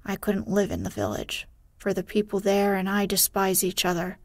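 A woman voicing a gruff, stubborn old grandfather in a story, firm and unyielding in a hushed bedtime read. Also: mid-range voice, steady tone, normal speed, no echo, natural voice.

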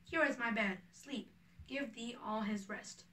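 An ardent young male lover, read by a woman in earnest verse. The voice is bright and fairly high, heard from a little distance. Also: unhurried, roomy sound. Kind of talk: reading a play aloud.

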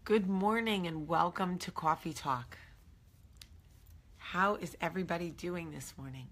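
A woman's voice: lowish voice, a little slow. A woman in her thirties hosting a casual morning live-stream chat, rambling with lots of fillers. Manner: chatty, rambling with many fillers. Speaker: host.

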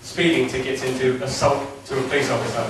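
A young man performing a stand-up routine with jittery, deadpan delivery, recorded by a distant camera in a room with an audience. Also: mid-range voice, background noise. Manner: jittery, quick asides, deadpan punchlines. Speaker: stand-up comedian. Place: club or function room with audience. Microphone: distant camera mic. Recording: echoey room from far off. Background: audience laughter.

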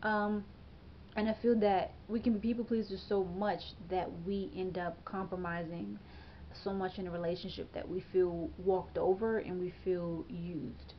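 On her own astrology channel, a woman gives a casual tarot-style forecast to camera, chatty and emphatic, often saying "okay?" and "you know" and laughing when she gets tongue-tied. Her voice is lowish with little pitch movement and a normal speed. The recording is muffled, with slight background noise.

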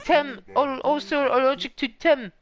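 Man doing a squeaky Temmie creature. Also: unhurried, soft background music. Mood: excited. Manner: broken baby-talk grammar, squeaky and excited. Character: hyper cute little cat-dog creature shopkeeper.

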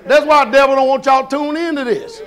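Man preaching a sabbath sermon, really high voice, folksy and lively, keeps asking the church questions. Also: a little fast. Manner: folksy, animated, shouts and laughs; questions the congregation.

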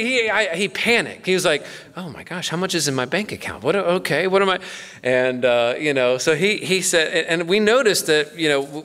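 A man's voice: medium pitch, a bit bright. A middle-aged man, a pastor, teaching the Bible in a casual, conversational way and acting out a story with playful voices. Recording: long hall reverb.

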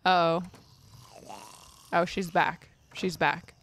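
A woman's voice: lowish voice, flat delivery, takes it slowly, fairly bright tone. A woman giving casual, chatty gameplay commentary as a streamer, exasperated and swearing lightly. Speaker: gaming streamer.

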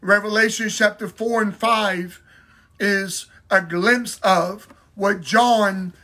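Bright-voiced pastor teaching emphatically. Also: male voice, high voice, fairly even intonation. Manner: emphatic, repeats key phrases, slows down for stress. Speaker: pastor teaching a Bible study. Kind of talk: sermon-style Bible teaching.

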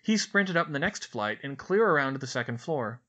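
Audiobook: male narrator, animated, bright tone, expressive read. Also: mid-range voice, moderate pace.

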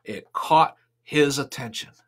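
A male preacher retells a scripture story, leaning hard on key phrases. He speaks slowly and takes long pauses, with a mid-range voice. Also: medium pitch, a bit bright. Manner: dramatic, varied, emphatic. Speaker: pastor. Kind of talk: sermon storytelling.

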